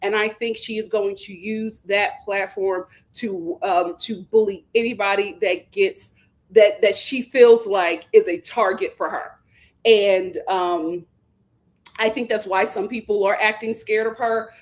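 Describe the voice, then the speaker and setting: A young adult woman hosting a solo commentary on a reality show, talking in an animated, indignant way and breaking into laughter. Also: measured pace. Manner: animated, indignant, laughs and jumps up in pitch when quoting herself. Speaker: commentary channel host.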